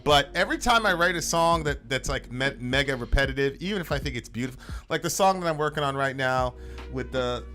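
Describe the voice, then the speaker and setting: A young man co-hosting a podcast, chatting casually and bursting into loud impressions. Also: medium pitch, lively intonation, fairly quick, soft background music. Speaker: podcast co-host. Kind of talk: casual reaction chat.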